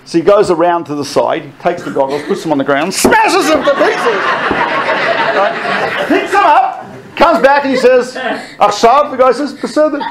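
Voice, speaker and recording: Animated man telling army stories. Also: high voice, normal speed, a loud crowd, very noisy. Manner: animated storyteller, laughing often, quoting others. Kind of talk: storytelling talk.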